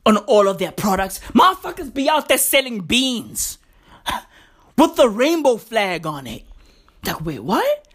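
Female host, comedic rant, fairly high voice, slow deliberate profane delivery. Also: a bit bright. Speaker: podcast host.

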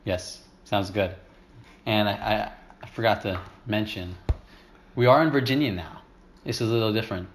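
A man's voice: lowish voice, moderate pace, long pauses, echoey room, a little hiss or hum. A young man co-hosting a casual podcast, playfully questioning his friend like a mock interviewer. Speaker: podcast co-host. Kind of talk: casual chat.

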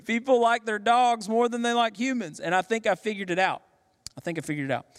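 A man's voice: high voice, a little fast, smooth. Preacher man in an echoing hall. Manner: animated storytelling with acted voices. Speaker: pastor. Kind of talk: sermon. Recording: long hall reverb.

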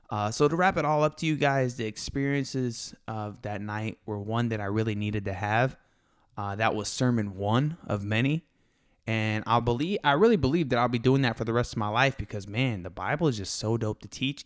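A young man hosting his own podcast, talking fast and excitedly in a casual, animated way. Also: medium pitch, clear, resonant tone. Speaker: podcast host. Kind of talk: casual solo podcast talk.

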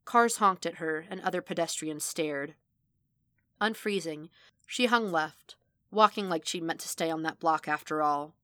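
A woman reading fan fiction aloud as audiobook narration, steady and measured. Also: sits low, dry recording. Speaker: podfic reader.

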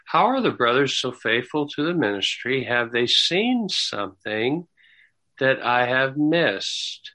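A man teaching the Bible in a sermon style, slow and halting, with repeated words and apologetic asides, building to emphatic rising stresses. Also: medium pitch, very animated, sharp tone, low-quality recording. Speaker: Bible teacher answering questions.

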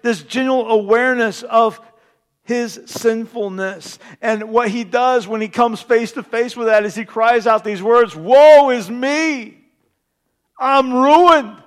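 A man with a very high voice preaches a sermon as pastor. He swings between hushed, intimate passages and loud, emphatic declarations that he repeats.

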